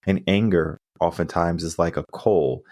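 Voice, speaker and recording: A man with a low, mellow voice hosts a coaching podcast, speaking at a moderate pace in a dry, studio-quality recording. In this solo monologue he earnestly talks through stories and lessons, often pausing for asides to check in.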